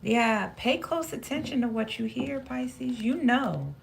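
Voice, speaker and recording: A woman with a fairly high, expressive voice and some vocal fry does an unhurried spoken tarot reading, with a little hiss or hum in the background. She muses and repeats phrases while talking to herself as she draws, occasionally becoming emotional.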